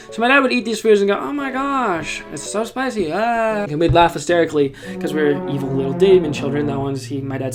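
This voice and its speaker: A young man hosting a podcast, casually telling funny stories with jokey, animated delivery and sudden loud asides. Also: on the high side. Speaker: podcast host. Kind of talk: casual storytelling. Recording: background music under the voice.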